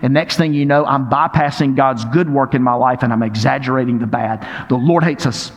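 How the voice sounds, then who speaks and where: A man's voice: mid-range voice, brisk. Preaching man in a reverberant hall. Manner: animated preaching with audience prompts. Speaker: pastor. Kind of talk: sermon.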